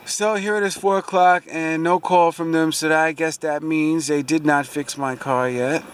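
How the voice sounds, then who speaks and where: A man with a somewhat high voice vents in a loose, rambling way from inside a parked car, circling back with "so anyway". He sounds aggrieved and chatty, like he is telling a friend about his day. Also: fairly even intonation, moderate pace, a little hiss or hum. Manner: rambling, repeats fillers like "so anyway"; aggrieved, venting frustration. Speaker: car vlogger. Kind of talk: casual rambling storytelling.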